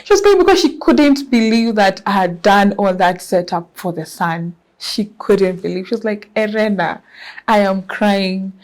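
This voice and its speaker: Expressive Kenyan woman telling her story. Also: mid-range voice, normal speed, hardly any pauses. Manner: lively and expressive, mixes in Swahili words. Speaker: guest entrepreneur. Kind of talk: casual storytelling interview.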